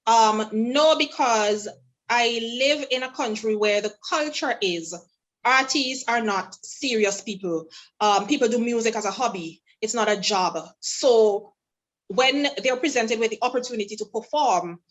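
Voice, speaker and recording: A woman's voice: on the high side, measured pace, low-quality recording. A woman from St. Vincent and the Grenadines, a guest singer telling stories in a casual interview and acting out what others said. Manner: animated storyteller, acts out quoted dialogue.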